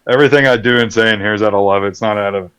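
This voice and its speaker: Low-voiced man, crude teasing banter. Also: very fast, a crowd in the background. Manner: crude, teasing, swears freely. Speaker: regular on the stream. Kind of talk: casual chat.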